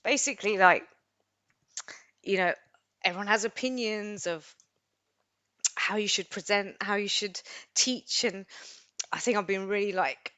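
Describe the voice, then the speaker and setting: A woman's voice: mid-range voice, unhurried, pauses often, no echo. Rambling, tearful woman live-streaming. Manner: rambling, expressive, self-deprecating. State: tearful, emotional. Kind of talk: unscripted live stream talk.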